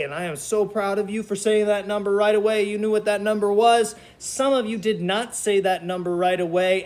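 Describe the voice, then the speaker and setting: A man with a high-pitched, slightly mellow voice gives young children at home a remote lesson on counting. He stays cheerful and patient, singing out the numbers as he counts.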